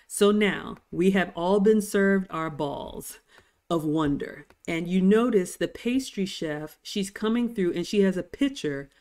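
A woman's voice: fairly low pitch, measured pace, a little mellow. Gushing woman vlogger. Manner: gushing, chatty, reads viewer comments aloud. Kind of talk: live-stream commentary over cruise dining footage.

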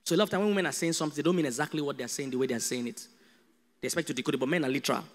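A man with a Nigerian accent preaching a sermon as a pastor, animated and humorous. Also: medium pitch, rapid-fire, in a large hall. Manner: animated, humorous, acts out dialogues.

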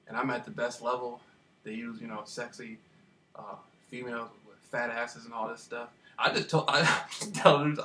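A man telling a rambling personal story in a casual monologue, repeating himself and getting animated as he retells it. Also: medium pitch, creaky. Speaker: vlogger. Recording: distant mic with faint background noise.

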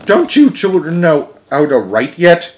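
A man voicing a tiny, prim male mouse who is a substitute teacher, brisk and bossy. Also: fairly high pitch, wildly swooping pitch, a little mellow, pitched above the performer's own voice. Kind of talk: storybook reading.

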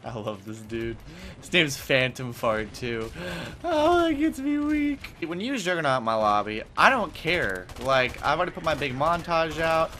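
Young male gamer host, bright and sharp-toned, hyped profane trash talk, rambling with lots of "like". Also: mid-range voice, lively intonation, normal speed, a little hiss or hum. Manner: rambling with many fillers. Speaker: gaming channel host. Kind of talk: casual gameplay commentary.

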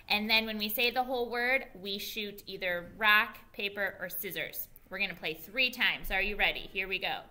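A woman teacher giving an early reading lesson to young children, spelling words out slowly and praising them. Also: medium pitch, bright, forceful tone. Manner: slow, clear spelling aloud and encouraging praise. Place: school.

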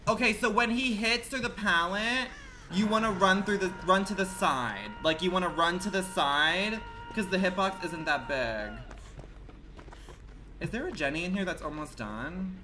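A man livestreaming a game in campy, slangy commentary that swings between loud outbursts and low mutters. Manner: campy and dramatic, full of slang. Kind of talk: live gameplay commentary. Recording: loud game music under the voice.

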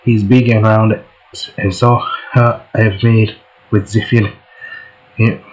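A man's voice: lowish voice, flat delivery, slow pace, darkish tone, muffled recording. A man voicing a showy Frenchman with a pet dog, in a hammy fake French accent with broken phrasing. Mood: theatrical.

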